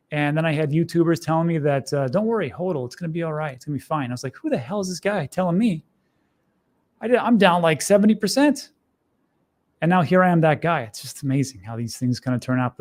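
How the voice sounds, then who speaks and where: A middle-aged man hosting a casual screen-share commentary, talking in a conversational, animated way with sardonic asides. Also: fairly high pitch. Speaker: host.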